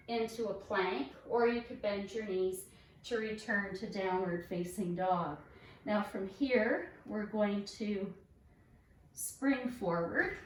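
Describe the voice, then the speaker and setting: A woman fitness instructor guiding a yoga class with calm, encouraging step-by-step cues. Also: mid-range voice, far from the mic, a little hiss or hum. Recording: echoey room, voice off-mic.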